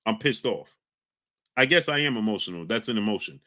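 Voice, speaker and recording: In a heated live-stream session, the host reads the chat and calls out names, fighting back at viewers. His fairly low-pitched voice is animated and fairly quick.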